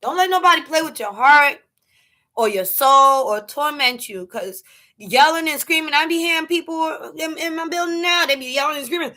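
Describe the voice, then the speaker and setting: A woman, hosting a casual livestream chat, joking and animated. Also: high voice, moderate pace. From New York. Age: 40s. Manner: animated, joking, breaks into laughs and shouts. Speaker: livestream host.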